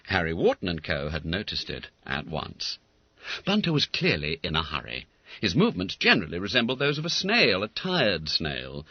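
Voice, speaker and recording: A man narrating an audiobook in a comic, animated storytelling manner, on a dull lo-fi recording. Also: mid-range voice, slightly rough, dry recording. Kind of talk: scripted narration.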